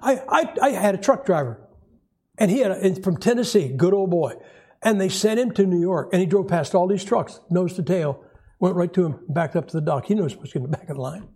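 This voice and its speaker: A middle-aged man preaching a sermon, telling stories in a wry, animated way with a husky voice. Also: high voice, fairly quick. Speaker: pastor.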